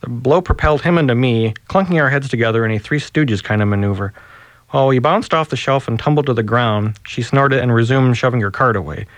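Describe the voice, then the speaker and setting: A man reads his own novel aloud in a wry, deadpan way. His voice sits in a middle range and sounds dry and close to the mic. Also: mid-range voice, brisk, no echo. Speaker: author.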